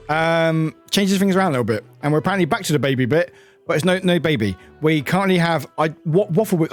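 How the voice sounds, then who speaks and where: A man chatting on a live gaming stream, rambling, swearing and yelping when startled. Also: fairly high pitch. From United Kingdom.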